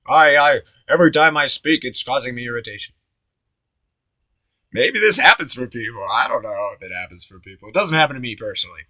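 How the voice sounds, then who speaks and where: A man rambling through a spiritual self-reflection, musing aloud, with his voice shifting between loud and hushed. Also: medium pitch, expressive, a little fast, no echo. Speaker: vlogger. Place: home on Maui.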